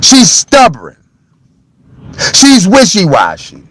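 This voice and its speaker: Loud, high-voiced man ranting on a live stream. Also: wildly swooping pitch, slow pace, husky, poor audio. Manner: loud, heated and blunt, swearing freely. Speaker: livestreamer. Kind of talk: livestream rant to chat.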